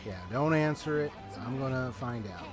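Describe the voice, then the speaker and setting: A male gaming creator narrates his playthrough in an easygoing, chatty way. He leans on slang and laughs often. His voice sits at an ordinary pitch, with clear game music playing behind it. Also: lively intonation, normal speed. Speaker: gaming YouTuber. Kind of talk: casual let's-play commentary.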